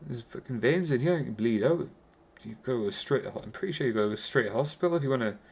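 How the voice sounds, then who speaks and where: A man's voice: mid-range voice, expressive, fast talker, vocal fry, darkish tone, breathy edge. A man with a Geordie accent giving a casual, rambling film review, swearing constantly and restarting his sentences.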